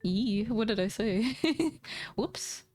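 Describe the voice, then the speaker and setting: A woman's voice: fairly high pitch, animated, extremely slow, a little mellow, faint music behind. A woman streamer chatting casually with her viewers, playful and teasing, laughing often. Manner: giggly, playful and teasing, talks straight to viewers.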